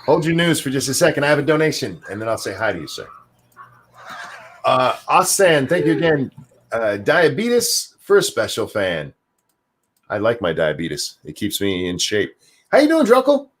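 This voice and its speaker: Husky sarcastic male talk-show host. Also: mid-range voice, huge pitch swings, moderate pace. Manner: sarcastic, ranting commentary. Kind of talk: casual chat.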